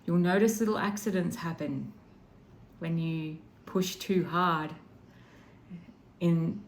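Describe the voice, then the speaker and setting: A woman voicing an archangel spirit she channels, speaking in a soft, slow, reassuring way. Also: on the low side, slight background noise. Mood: gently reassuring. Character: gentle guiding archangel spirit, calm and reassuring.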